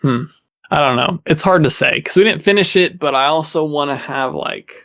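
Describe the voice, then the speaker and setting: Gravelly man rambling at a game table. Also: a little high, moderate pace, fairly bright tone. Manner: rambling, lots of fillers. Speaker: player. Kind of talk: casual chat at a gaming table.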